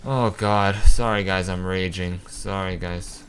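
A young man giving casual, excitable commentary over a video game, venting his frustration and swearing. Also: low voice, a little slow, a little hiss or hum. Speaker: gaming channel host.

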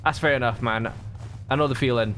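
A man's voice: medium pitch, fairly quick, a bit bright, a little hiss or hum. A man streaming a horror game, chatting with friends and thanking subscribers. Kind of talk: casual game stream chat.

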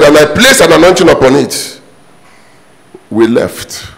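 A man's voice: on the high side, sing-song, a little slow, vocal fry, background noise. A man preaching a sermon as pastor, emphatic and repetitive, his voice leaping up on sudden exclamations.

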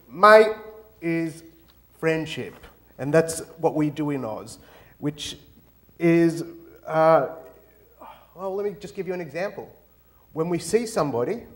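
A playful Australian man talking on stage as a guest speaker, with a fairly high voice. He keeps it light and jokey, drawing words out and singing out his greetings. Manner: playful, joking, sings out greetings. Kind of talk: lively stage talk with jokes. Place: campus auditorium.

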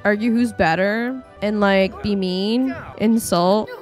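A woman's voice: medium pitch, takes it slowly, soft background music. A young woman streaming a life-sim game, chatting and exclaiming as she plays, often giggling. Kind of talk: live gameplay commentary. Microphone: desk microphone.

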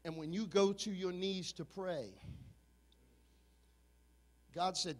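A man in his fifties, a pastor preaching an impassioned sermon that swings from shouting to low, confiding talk. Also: takes it slowly, long pauses, big-room sound.

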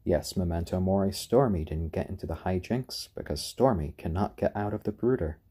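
A man hosting a casual live stream, chatting gently and cooing to his pet birds. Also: sits low, brisk, breathy edge. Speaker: stream host.

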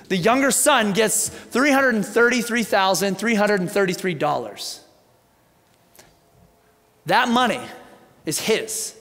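A male pastor preaching in a church sanctuary, telling a story with lively swings in his voice and casual asides to his listeners. His fairly high voice carries a long church reverb. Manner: animated storytelling, conversational asides. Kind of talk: sermon.

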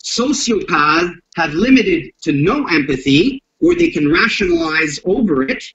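A man with a high, gravelly voice talks bluntly and with plenty of swearing, explaining violence like a self-defense instructor in an interview. His pitch swoops widely as he animates each point. The audio sounds dull and lo-fi. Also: measured pace, slight background noise. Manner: blunt, profane and animated, acts out confrontations.

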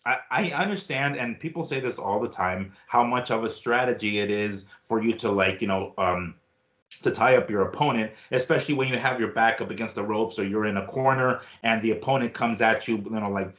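A man's voice: on the low side, a little fast, a bit bright, reverberant. A man co-hosting a boxing talk show in casual chat, rambling and swearing with lots of fillers and restarts.

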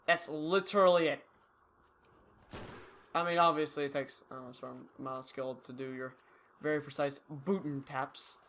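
A man's voice: fairly high pitch, a little fast, pauses often, a bit bright, slight background noise. A young man giving casual, rambling, self-mocking commentary over his own gameplay. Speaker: gaming YouTuber.

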